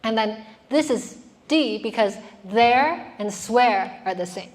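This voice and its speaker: A woman's voice: on the high side, animated, takes it slowly. Woman lecturing a class on poetry. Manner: explaining patiently, asking students questions.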